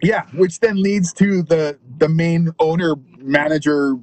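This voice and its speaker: A man's voice: on the high side, measured pace, a little mellow, no room sound, rough recording. Laughing, cursing man spinning road stories. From Canada. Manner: profane, laughing anecdotes with voiced quotes. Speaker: touring punk rock musician, guest. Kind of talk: casual storytelling chat. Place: in a car.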